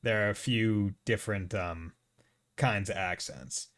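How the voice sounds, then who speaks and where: A man's voice: lowish voice, unhurried, a bit bright. A man with a New England accent giving casual, rambling commentary over a video game, laughing often. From United States. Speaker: let's play host.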